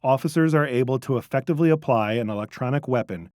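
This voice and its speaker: A man narrates a training video in a measured, instructive voice of medium pitch. The recording is close and dry, with no room sound. He lays out each point steadily. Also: a little mellow, no room sound.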